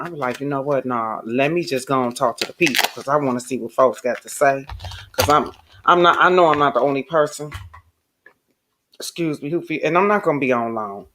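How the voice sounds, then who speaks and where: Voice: mid-range voice, fairly quick, a bit bright, slight background noise. A host doing late-night live-stream commentary, chatty and emphatic, greeting viewers and swearing when heated. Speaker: online commentator and channel host.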